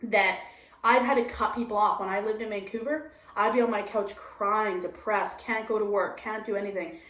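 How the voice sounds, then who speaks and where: This woman, a stand-up comic, gives a frank interview at normal speed with a medium-pitched voice. Confessional and lively, she voices her own inner thoughts aloud as she goes, and the room has an echo.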